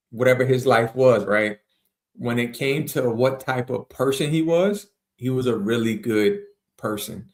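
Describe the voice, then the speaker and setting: A man from South Carolina, a motivational speaker and interview guest, talking in a reflective, slangy way. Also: medium pitch. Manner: reflective and slangy, steady and earnest. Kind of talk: casual interview conversation.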